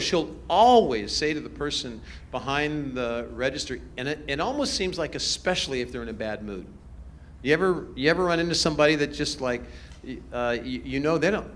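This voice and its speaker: A man, a pastor, answering audience questions in a relaxed, storytelling way, chuckling as he goes. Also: medium pitch, a little hiss or hum. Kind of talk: casual Q&A talk to a youth group. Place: church event hall with a live audience.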